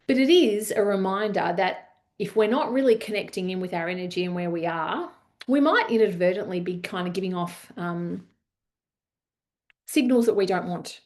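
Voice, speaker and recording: This woman, mid-range in pitch and at a normal speed, presents a leadership masterclass webinar built around anecdotes. She chats along with many fillers and an animated retelling style.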